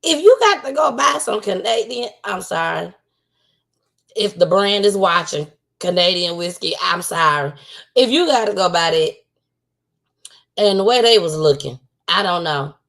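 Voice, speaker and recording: A woman's voice: mid-range voice, animated, unhurried, gravelly, a bit bright. A woman hosting a casual livestream talk show. She talks outspokenly and repeats points for emphasis.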